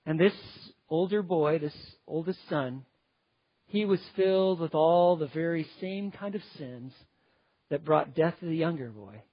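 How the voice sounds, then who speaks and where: A man's voice: fairly high pitch, a little slow, slightly rough, no room sound, muffled recording. A man preaching a sermon in an earnest, emphatic way, often building lists of words one after another.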